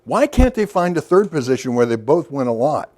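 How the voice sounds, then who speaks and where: A man's voice: on the high side, big pitch swings, fairly quick, darkish tone. A middle-aged man giving a workshop lecture in a loose, storytelling way, with asides and questions to the audience. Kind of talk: recorded lecture to a professional audience.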